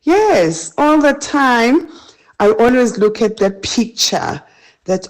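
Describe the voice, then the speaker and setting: Slow-speaking woman radio caller. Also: a little high, very animated, rough recording. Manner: reflective, heartfelt. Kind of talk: call-in chat.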